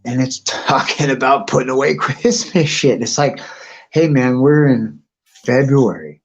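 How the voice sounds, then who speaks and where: A man's voice: medium pitch, a little slow, husky, faint music behind. Crude rambling man on a lo-fi stream. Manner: crude, rambling, animated storyteller. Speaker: live stream host. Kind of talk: casual profane rambling chat. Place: home, outdoors nearby.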